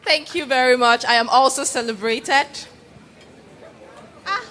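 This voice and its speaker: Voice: high voice, unhurried, long pauses, slight background noise. An event host playfully working the audience and prompting them to respond. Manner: playful, energetic, prompts the crowd. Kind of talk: audience engagement.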